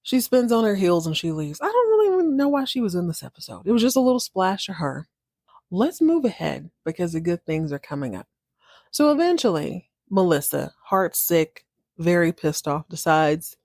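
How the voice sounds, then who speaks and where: A woman's voice: fairly low pitch, very animated, normal speed, darkish tone, dry recording, studio quality. A woman hosting a podcast, recapping a TV drama in a sassy, playful, slangy way. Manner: sassy, playful, slangy, acts out characters in quotes. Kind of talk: casual recap with acted-out quotes.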